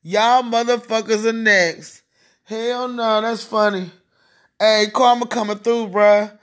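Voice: mid-range voice, steady tone, takes it slowly, a bit bright. A podcast host delivering a profane, mocking solo rant, laughing often between lines.

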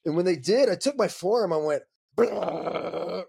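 A man's voice: high voice, fast, slightly rough. A man on a podcast, a dog trainer telling stories in casual, profane chat. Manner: profane, storytelling, animated.

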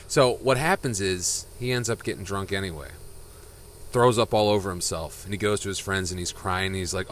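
Bright, animated man telling a joke. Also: low voice, fast talker, slight background noise. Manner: animated storyteller, shifts voices for characters. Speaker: podcast co-host. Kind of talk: casual joke-telling chat.

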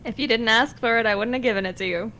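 A woman's voice: on the high side, fast, sharp tone, a little hiss or hum. Dry-toned woman running a game.

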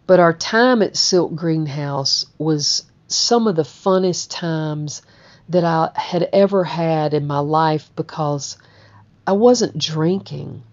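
A woman's voice: sits low, slow pace, a little mellow. A woman telling a personal story in a candid, rambling way, often repeating her words. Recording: dull lo-fi recording.

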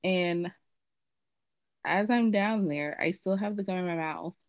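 Woman co-host, low voice, dry close mic, candid and rambling. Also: measured pace, no echo, dull audio. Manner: candid, rambling storytelling with many fillers. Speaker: podcast co-host. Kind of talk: casual chat.

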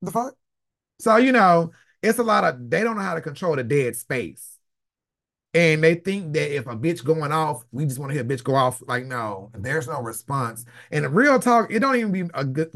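A man's voice: on the high side, fairly quick. A man hosting a casual live chat with callers, telling stories bluntly, animatedly and with plenty of swearing. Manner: blunt, profane, animated storytelling. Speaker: host.

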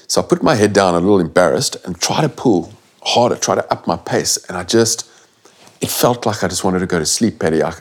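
A middle-aged man tells a gripping personal story in an interview. His voice sits very low, and he talks bluntly and earnestly, dropping the odd swear word and restarting his sentences. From South Africa. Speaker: guest.

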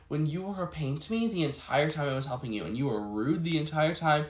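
A man's voice: fairly high pitch, expressive, brisk. A man with a stuffy, cold-clogged voice, telling a work story in a chatty, exasperated vlog ramble. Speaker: vlogger. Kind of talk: casual storytelling chat. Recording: echoey room.

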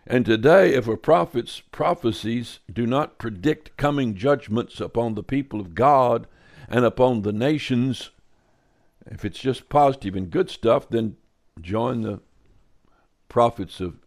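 A man's voice: mid-range voice, a little slow. A man teaching a sermon in a conversational way, reading scripture aloud and adding wry, offhand comments. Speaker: Bible teacher.

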